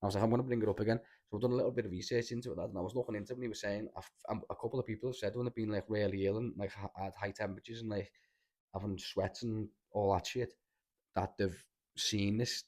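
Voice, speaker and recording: A man's voice: lowish voice, fairly even intonation, fast talker, a little mellow. A young man with a Scouse accent, telling rambling, sweary stories with lots of restarts in a casual podcast chat. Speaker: podcast host.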